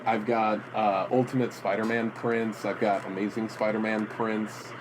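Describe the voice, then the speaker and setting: A man co-hosting a podcast in casual chat, telling halting, rambling stories full of restarts. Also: fairly low pitch, little pitch movement, background noise. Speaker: podcast co-host. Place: indoor room with comic prints.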